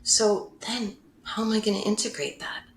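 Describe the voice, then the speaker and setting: A woman with a medium-pitched voice, fairly even intonation, and normal speed speaks as a podcast guest. A mindfulness facilitator, she tells a personal story openly and emotionally, laughing often and correcting herself, with slight background noise and a roomy echo.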